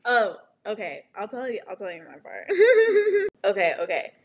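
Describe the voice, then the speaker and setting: A woman's voice: mid-range voice, measured pace, breathy edge. A young woman chatting casually and telling stories with lots of laughter and "like" fillers. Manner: animated storytelling, frequent laughter and "like" fillers. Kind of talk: casual chat.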